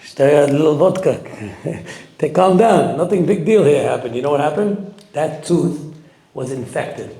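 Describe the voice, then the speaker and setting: Animated rabbi man in an echoey room. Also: a little high, a little slow, pauses often. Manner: animated storytelling, acting out quoted voices; sprinkles Hebrew and Yiddish terms. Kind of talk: sermon.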